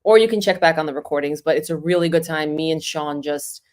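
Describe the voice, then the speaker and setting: A woman's voice: low-pitched, quick pace. A woman whose first language is Russian, a guest on a livestream chat, telling stories animatedly and acting out what people said. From New York area. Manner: animated storyteller who acts out quotes. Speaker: guest impressionist.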